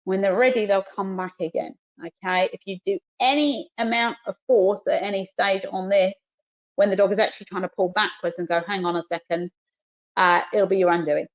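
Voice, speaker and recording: A woman's voice: medium pitch, fairly even intonation, brisk, highs cut off. A woman dog trainer from New Zealand teaching a webinar, giving practical, direct instructions while she works with a dog.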